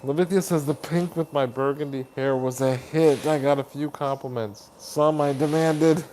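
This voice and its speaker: A man hosting a live stream chat. He reads viewer comments aloud, greets people warmly by name as buddy and honey, and laughs often. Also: on the high side, fairly even intonation, moderate pace, a little hiss or hum. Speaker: livestream host.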